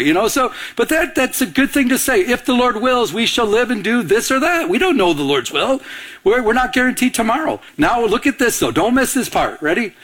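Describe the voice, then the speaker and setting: A man preaching a sermon to a live congregation as pastor, animated and asking the listeners to fill in words. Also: fairly high pitch. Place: church before a live congregation.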